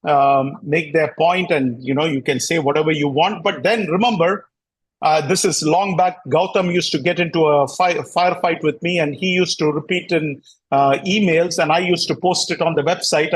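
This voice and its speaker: A man's voice: fairly high pitch, husky, low-quality recording. A man hosting a cricket talk show, ranting in a combative, sarcastic way and often repeating himself. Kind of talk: heated casual rant.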